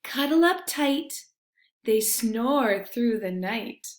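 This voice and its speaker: A woman reading a children's picture book aloud, gentle and expressive, with hushed refrains. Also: on the high side, slow pace, a little hiss or hum. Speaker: storybook reader. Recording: roomy echo.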